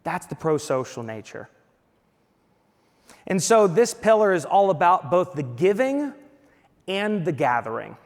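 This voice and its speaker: A man giving a conference keynote, talking straight to the audience with bursts of excitement. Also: sits high, measured pace, pauses often. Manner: energetic, exclamatory, addresses audience directly. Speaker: keynote speaker. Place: large conference hall. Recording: reverberant hall.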